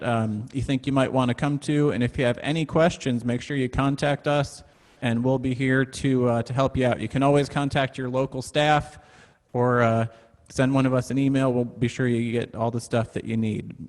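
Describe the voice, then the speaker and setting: A man's voice: medium pitch, a little mellow. Chatty man on an echoey video call. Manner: chatty and upbeat, with frequent fillers. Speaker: music center staff host. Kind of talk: casual class announcements.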